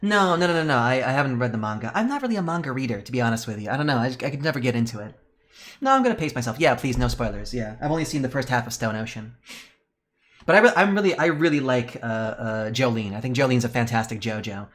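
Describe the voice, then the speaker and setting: A man's voice: mid-range voice, fast talker. A man streaming a game live, ranting with lots of swearing and chatting with his viewers. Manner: profane, animated ranting; chatty, reads and answers chat. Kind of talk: casual live-stream chat.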